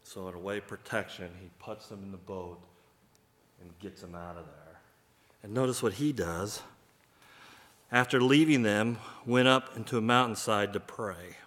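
A male preacher giving a sermon, telling the scene in an animated way and acting out its people. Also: lowish voice, moderate pace. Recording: echoey room.

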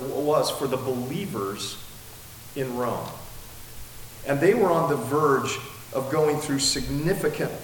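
A man preaching a sermon as pastor, emphatic, slowing down to stress key words. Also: mid-range voice, recorded from a distance. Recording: echoey room with faint hiss.

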